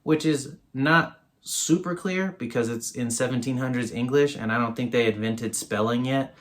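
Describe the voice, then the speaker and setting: A man's voice: medium pitch, normal speed. A man giving a casual, rambling book review on his video channel, full of fillers.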